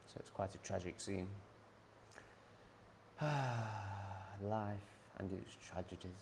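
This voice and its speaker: A man's voice: lowish voice, slow, a little mellow, slight background noise. A man ranting casually at home in a blunt, sardonic way, swearing freely. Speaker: vlogger.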